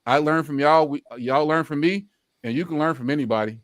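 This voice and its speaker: A man's voice: fairly high pitch, brisk, no echo, studio quality. A man from the American South with a Southern accent, talking earnestly on a live-stream panel, repeating himself and swearing at times. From Louisiana, Mississippi. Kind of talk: impassioned casual talk.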